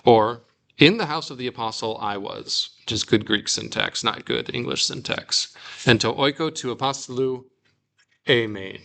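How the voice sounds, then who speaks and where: With a creaky, mid-range voice, a man leads a relaxed Bible Greek class. He reads example sentences aloud and explains them slowly, using casual fillers.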